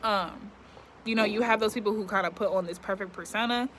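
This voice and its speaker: Young woman, casual outdoor vlog, candid and rambling, bright tone, faint background noise. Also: mid-range voice, brisk. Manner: candid, rambling, many "like" fillers. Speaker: vlogger. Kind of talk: casual reflective talk to camera. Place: outdoors, yard work nearby.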